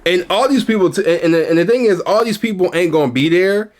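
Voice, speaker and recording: Casual man reacting with lively pitch. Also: quick pace. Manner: agreeable, repeats "right", casual slang and restarts. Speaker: YouTube reaction host.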